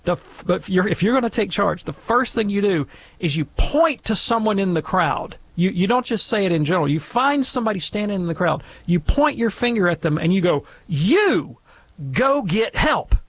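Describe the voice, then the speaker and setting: A man with a gravelly edge and a fairly high voice answers a caller on a call-in radio show. He explains with everyday examples, keeps asking "right?", and grows animated as he makes his point. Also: fairly quick.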